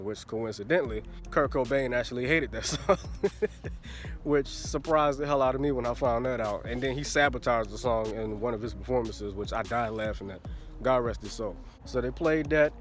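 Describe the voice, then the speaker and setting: A man in his twenties telling a crude storytime vlog into his phone, laughing often and repeating a filler phrase. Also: medium pitch. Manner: crude, laughing, keeps saying "you know what I'm saying". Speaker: vlogger. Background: faint background music.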